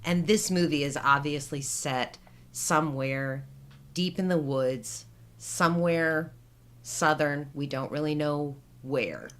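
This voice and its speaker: A woman's voice: low voice, slow. A woman in her forties, co-hosting a podcast in casual chat, with chatty storytelling. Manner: chatty storytelling, retelling film scenes. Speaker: podcast co-host.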